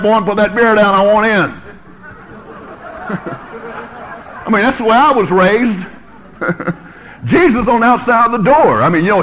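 A middle-aged male preacher from the United States, giving an animated sermon and joking with the congregation. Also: high voice, poor audio.

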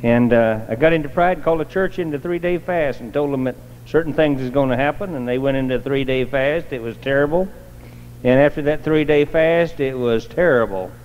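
A man preaches a folksy sermon testimony, telling his homespun story in a colloquial way. His voice is medium in pitch and fairly quick, with a little hiss or hum. The recording is dull and lo-fi, made in a reverberant church hall.

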